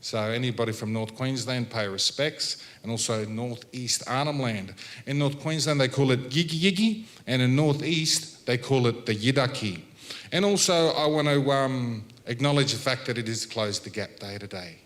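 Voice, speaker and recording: An Australian man addressing a symposium audience in a loose, storytelling way. He jokes, laughs between points and keeps his voice at an everyday middle pitch. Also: normal speed, fairly bright tone. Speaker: Welcome to Country speaker. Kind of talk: relaxed public address with storytelling. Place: health symposium.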